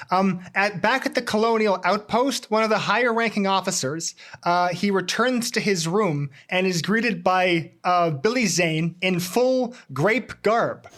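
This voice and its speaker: A man's voice: sits high, fairly bright tone. A man hosting a comedy podcast, recapping a movie plot and chuckling often. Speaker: podcast host.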